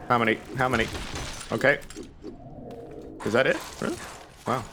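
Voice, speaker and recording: A man's voice: medium pitch, big pitch swings, normal speed, noisy background. Panicky young man narrating his gameplay. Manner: panicky, rambling, self-talking with nervous laughs. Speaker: gaming YouTuber. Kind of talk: live gameplay commentary.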